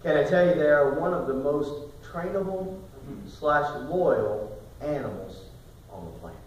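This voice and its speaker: A man preaching a sermon, telling a story in a quiet voice that rises into loud, emphatic bursts. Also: a little high, animated, measured pace, lo-fi sound, a little hiss or hum. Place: church sanctuary. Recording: echoey hall recorded from far off.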